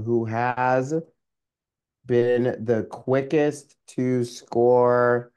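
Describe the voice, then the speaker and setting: A man's voice: medium pitch, steady tone, very slow, a little mellow, clean tone, dull audio. A man co-hosting a sports podcast, chatting casually with plenty of ums and restarts. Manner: rambling, many fillers and restarts. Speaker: podcast co-host.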